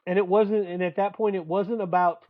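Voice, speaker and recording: A man co-hosting a podcast, telling profane, animated stories in casual sports banter as a dad and coach. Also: high-pitched, moderate pace, dry recording, narrow, tinny audio. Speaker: podcast co-host.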